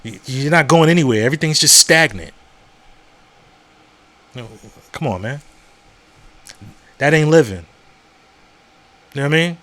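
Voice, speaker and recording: A man's voice: fairly high pitch, lively intonation, measured pace, long pauses, a bit bright, no echo. A man hosting a podcast, talking casually and frankly, with frequent repetitions and checks like "you know what I'm saying?". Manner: frank and profane. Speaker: podcast host. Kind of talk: casual monologue.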